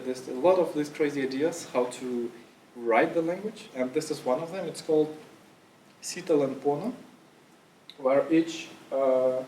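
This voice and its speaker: Medium-pitched and dark in tone, a man speaks casually to a conference audience. He rambles with fillers and restarts and coughs every so often. The recording has a faint hiss or hum, and he sounds far off in an echoey room.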